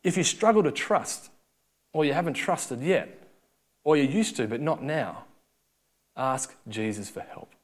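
A man's voice: on the high side, moderate pace. Aussie guy preaching to a youth crowd, chatty storyteller, voice swoops up and down. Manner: lively, conversational storytelling with acted-out quotes. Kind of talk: sermon.

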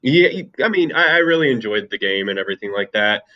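A man's voice: lowish voice, fast, muffled recording. A man chatting casually about a movie and his school football days, rambling a little with many fillers. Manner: relaxed and talkative, with many fillers. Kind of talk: casual chat.

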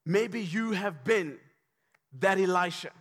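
A man preaching a sermon, passionate and repetitive, building to shouts. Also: high voice, slow. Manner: impassioned, repetitive, rising to shouts. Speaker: pastor.

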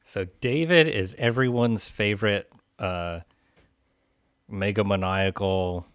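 A man's voice: fairly low pitch, slow, fairly bright tone, clear, resonant tone, no room sound, clean studio sound. A man co-hosting a casual film discussion, thoughtful and rambling with fillers. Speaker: film podcast co-host.

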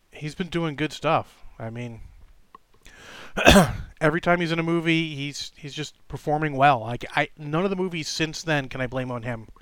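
A man giving a casual, rambling movie review, swearing freely and pausing to hunt for names out loud. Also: mid-range voice, clear, resonant tone, no room sound. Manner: rambling, loose, swears, searches aloud for names.

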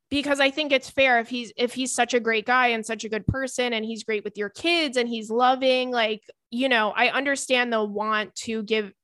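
A young woman hosting a casual advice podcast, chatty and animated, often laughing while she reads listener emails aloud. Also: fairly high pitch, dry recording, studio quality. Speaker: podcast host giving advice.

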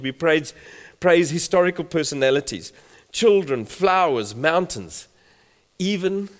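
A man preaching a sermon, reading scripture emphatically and building in volume. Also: medium pitch. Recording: long hall reverb.

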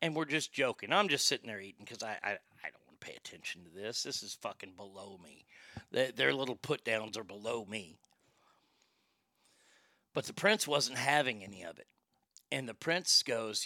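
Man, host, casual storytelling, swears freely, very bright tone, dry close sound. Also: medium pitch, lively intonation, moderate pace, dry recording. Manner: profane, conversational, with frequent restarts. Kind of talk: casual anecdote telling.

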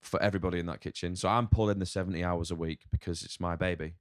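A man's voice: sits low, fairly even intonation, racing, dry recording, studio quality. A man with a northern English accent, a chef talking frankly in a casual podcast interview, swearing a lot and rambling. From north of England. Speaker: chef guest.

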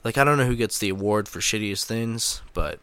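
A man's voice: on the low side, brisk, fairly bright tone, clear, resonant tone. A young man hosting a casual solo podcast, rambling with crude, sarcastic remarks and many filler words. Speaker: podcast host.

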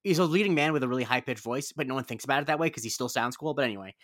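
A man's voice: medium pitch, rapid-fire, fairly bright tone, no echo, clean studio sound. A man co-hosting a podcast in casual chat, rambling and opinionated with frequent restarts. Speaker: podcast co-host.

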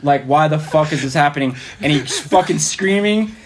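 A man's voice: a little high, animated, normal speed, crowd noise. Rambling, laughing male podcast guest. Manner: rambling, filler-heavy, often laughing. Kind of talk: casual storytelling.

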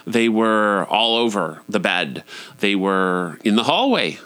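A man's voice: fairly low pitch, big pitch swings, slow pace, bright, forceful tone, smooth, no echo. A man in his forties telling a personal story in a candid, profane, self-deprecating way. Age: 40s. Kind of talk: personal monologue.

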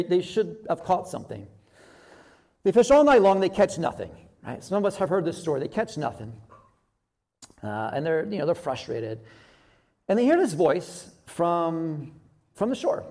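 A man delivers a sermon with a fairly high-pitched voice. He talks in a loose, conversational way, stopping to voice people's inner thoughts and circling back over his own words. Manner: conversational, animated, with many restarts and acted-out inner thoughts. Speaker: pastor.

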